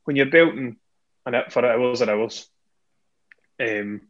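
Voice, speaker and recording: A man's voice: medium pitch, a little slow, a bit bright. Chatty Scottish man on a dull call line. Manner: chatty, self-deprecating, laughs often. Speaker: singer and guest. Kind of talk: casual chat over a remote call. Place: at home indoors. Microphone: earphone headset on a video call.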